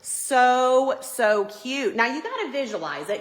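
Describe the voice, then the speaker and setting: A woman's voice: high-pitched, sing-song, takes it slowly, echoey room, low-quality recording. A woman hosting a live Christmas decorating tutorial, chatty and upbeat, greeting viewers by name. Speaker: home decor livestream host. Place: home living room by a Christmas tree.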